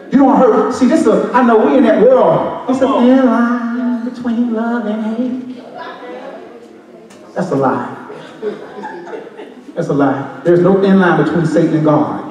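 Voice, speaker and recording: A high-voiced man preaches with passion, moving between shouts, half-sung lines and loose street talk. He is heard from far off in a church hall with a long, ringing echo. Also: muffled recording. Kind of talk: Pentecostal sermon. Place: church sanctuary.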